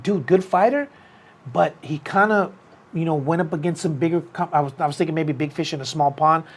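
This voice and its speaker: A man with a notably high voice hosts a casual combat sports talk show. He rambles from one fight story to the next, leaning on "dude" and stopping to restart his sentences. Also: a little fast. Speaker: podcast host.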